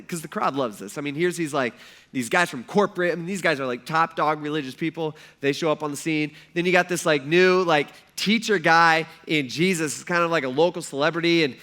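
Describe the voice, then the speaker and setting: Middle-aged pastor, male, high and bright, animated storytelling sermon delivery. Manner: animated storytelling, acting out quotes.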